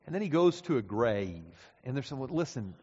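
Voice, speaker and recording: A male pastor preaching a sermon, moving from quiet, slow passages to loud, climactic ones. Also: mid-range voice, sing-song, breathy edge. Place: church sanctuary. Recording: dull sound with long reverb in a hall.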